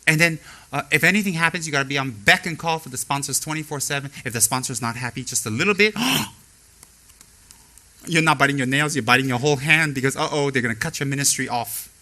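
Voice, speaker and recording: A man giving a Buddhist teaching as a sermon, animated and acting out voices. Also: medium pitch, a little fast.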